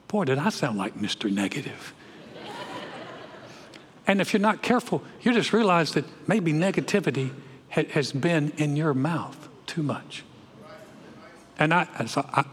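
A man, a pastor preaching a sermon in a church, folksy and animated, often repeating his words as he goes. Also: fairly high pitch, normal speed, in a large hall, a little hiss or hum. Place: church sanctuary.

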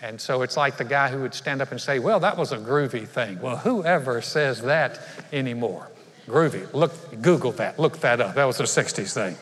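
Pastor preaching in an echoing church. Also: male voice, medium pitch, normal speed, fairly bright tone. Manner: conversational storytelling with humor and asides. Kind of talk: sermon. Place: large church sanctuary. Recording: live church hall reverb.

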